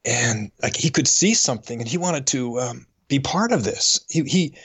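A middle-aged man on a faith podcast, telling a personal story in an earnest, halting way and getting choked up. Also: mid-range voice, expressive, fairly bright tone, husky, no room sound. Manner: earnest, halting, with frequent restarts. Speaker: podcast co-host.

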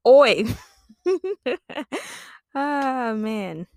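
Giggly and self-amused, a female comedian spins a rambling, invented comic story on her podcast. Her lowish voice is creaky, captured in a dry, clean studio recording.

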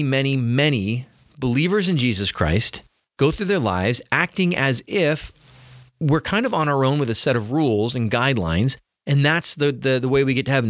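A man's voice: medium pitch, fairly bright tone, no echo, studio quality. A middle-aged man giving an earnest sermon-style teaching, often repeating words as he starts phrases. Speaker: teacher of faith.

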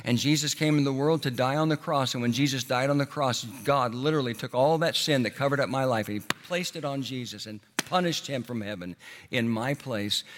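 A man preaching a sermon in an earnest way, slowing down and dropping his voice on key words. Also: fairly bright tone. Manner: earnest, slows and drops low on key words. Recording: long hall reverb.

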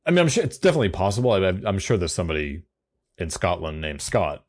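Very deep-voiced man chatting casually. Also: big pitch swings, quick pace, husky. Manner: chatty, rambling with frequent restarts. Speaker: podcast co-host. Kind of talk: casual chat.

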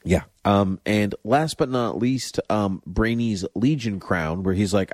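A man's voice: lowish voice, a little slow, darkish tone, no echo, clean studio sound. A man co-hosting a podcast in casual chat, chatty and joking, with mock-outraged asides. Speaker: podcast co-host.

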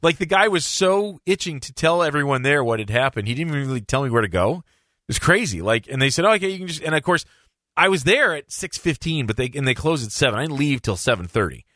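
A man hosting a podcast, telling a story in casual chat, animated and laughing, with lots of restarts. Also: mid-range voice, fast talker, no room sound, clean studio sound.

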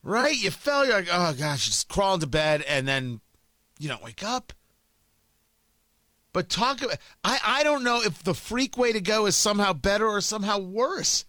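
Animated middle-aged male radio host. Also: high voice, moderate pace, no echo. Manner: animated, restarts often, acts out quotes. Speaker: radio talk show host. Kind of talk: talk radio monologue.

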